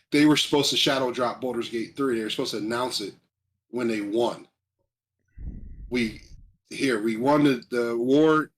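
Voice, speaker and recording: A man co-hosting a casual live stream, chatting excitedly and rambling a little as he reads viewer comments aloud. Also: medium pitch. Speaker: stream co-host. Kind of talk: casual chat about video game awards.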